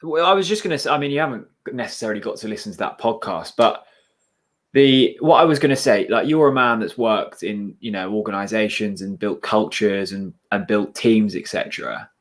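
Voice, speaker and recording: A man co-hosting a late-night chat, asking questions in a relaxed conversational way, tired and trailing off. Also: lowish voice, brisk. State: tired and yawning. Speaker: livestream co-host. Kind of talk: casual chat.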